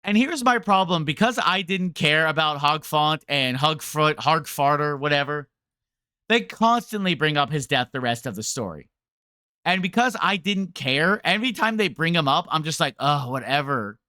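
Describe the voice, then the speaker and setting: High bright guy streamer ranting at chat, rambly and sarcastic. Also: big pitch swings, normal speed, clean tone, no echo, studio quality. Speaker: game streamer. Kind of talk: casual game rant to chat.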